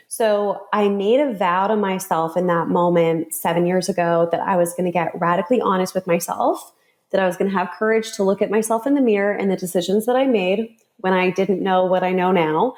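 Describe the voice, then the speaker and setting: Expressive woman telling her story. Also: mid-range voice, normal speed. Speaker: guest, teacher and storyteller. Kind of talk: personal storytelling.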